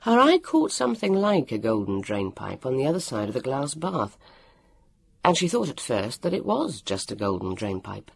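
A man reading a storybook aloud, with a lively, expressive delivery and acted voices. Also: medium pitch, moderate pace, gravelly, slightly rough, no room sound. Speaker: audiobook narrator. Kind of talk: storybook narration.

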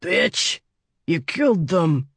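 A man's voice: a little high, slow pace, no echo, studio quality, full character voice. A man voicing a wounded, desperate male bandit with a ruined face in an audiobook, slurring and snarling his threats. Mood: bitter. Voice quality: slurred, gravelly. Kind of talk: audiobook character voice.

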